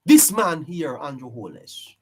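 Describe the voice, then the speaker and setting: Guy hosting a live stream, kinda high voice, preachy, keeps repeating himself for emphasis. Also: very animated, a little slow, slightly rough. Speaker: live-stream show host. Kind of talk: live-stream political commentary.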